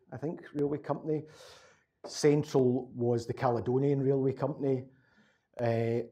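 A man's voice: mid-range voice, warm tone. A Glaswegian man, a local historian, answering audience questions in a rambling, conversational way, often repeating words. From Scotland. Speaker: local historian giving a talk.

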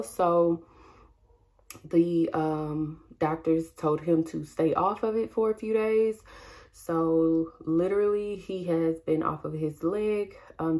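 Chatty woman vlogging with a low voice. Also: a little mellow. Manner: chatty, confiding, drawn-out fillers. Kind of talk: casual day-in-the-life vlog chat. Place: bedroom at home. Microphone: handheld camera mic.

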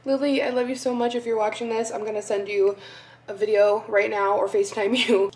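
A young woman vlogging casually at home, gushing and excitable, sometimes dropping to a soft voice. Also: a little high, fairly quick. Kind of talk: casual vlog chat. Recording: faint background noise.

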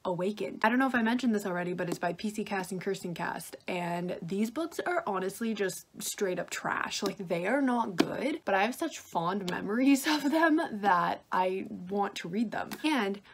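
A woman's voice: medium pitch, lively intonation, normal speed, hardly any pauses, slight background noise. A young woman vlogging casually about books she reads at home, chatty and self-mocking, with lots of "like". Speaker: book vlogger. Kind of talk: casual vlog chat. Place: indoors at home.

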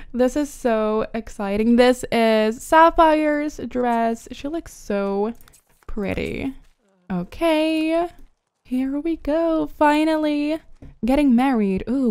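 A woman's voice: high voice, lively intonation, slow, darkish tone. A woman giving chatty, giggly commentary as she plays a life-simulation game and talks to her characters. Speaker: gaming YouTuber. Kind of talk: casual let's-play commentary.

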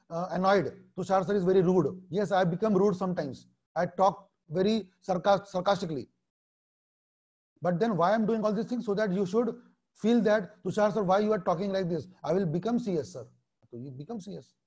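Blunt Indian teacher, high-pitched voice. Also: male voice, darkish tone. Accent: Indian English. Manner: blunt, repetitive, mixing in Hindi phrases. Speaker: exam coaching teacher. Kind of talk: online lecture.

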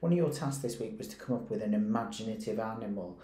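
A man, a primary school teacher reading a picture book aloud and stopping to ask his pupils gentle questions. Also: lowish voice, lively intonation. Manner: gentle, questioning, reads slowly and pauses to ask. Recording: roomy echoey recording.

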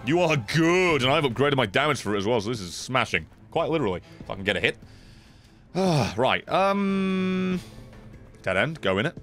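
A man streaming a video game, chatting and swearing excitedly, swinging from low mutters to sudden yelps. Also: moderate pace, faint music behind. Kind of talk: casual gameplay commentary.

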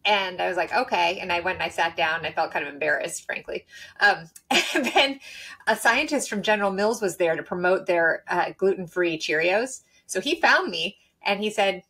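Lower-pitched woman guest, lively and talkative, for an interview. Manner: animated, quick, with laughs and restarts. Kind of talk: conversational interview storytelling.

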